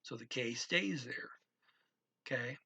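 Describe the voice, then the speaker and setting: A man with a bright, husky voice talks slowly through a grammar lesson. He is patient, repeats each word, and fills his pauses with ums and restarts. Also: medium pitch, animated, rough recording. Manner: slow, patient, repeats words, many fillers and restarts. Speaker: language teacher. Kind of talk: explaining grammar.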